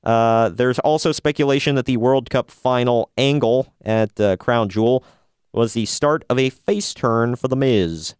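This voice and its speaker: A man's voice: medium pitch, measured pace, darkish tone, clear, resonant tone, dry recording, studio quality. A man hosting a casual wrestling news podcast, wry and opinionated, often laughing at his own jokes. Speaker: podcast host.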